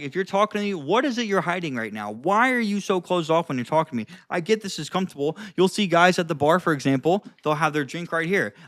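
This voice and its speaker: A man coaching on social skills in a casual advice vlog, animated and profane, acting out different tones of voice. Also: high voice, dry recording, studio quality.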